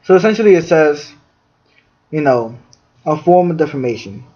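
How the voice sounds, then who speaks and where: A man's voice: on the high side, lively intonation, normal speed, dark tone. A man hosting a podcast, reading definitions from a fact sheet with many fillers. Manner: reads definitions aloud, filler-heavy. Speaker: podcast host. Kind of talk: reading facts in a podcast discussion. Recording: dull lo-fi sound.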